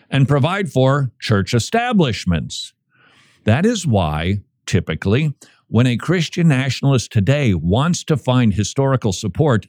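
A man's voice: medium pitch, a little mellow, no room sound, clean studio sound. A man hosting talk radio, reading an article aloud and breaking off for playful jokes. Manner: playful, joking asides while reading aloud. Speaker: radio host. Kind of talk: casual talk radio commentary.

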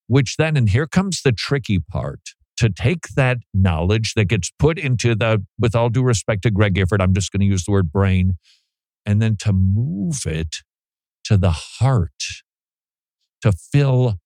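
A man's voice: medium pitch, no room sound. A man hosting a radio program, talking in a casual, joking way and laughing often. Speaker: radio host.

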